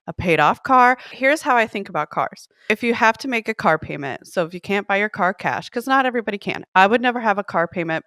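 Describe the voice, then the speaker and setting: A woman's voice: mid-range voice, smooth, no echo, clean studio sound. A young woman, blunt and profane, telling stories and giving money advice in casual chat. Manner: blunt and profane, animated retelling of quotes. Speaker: podcast host.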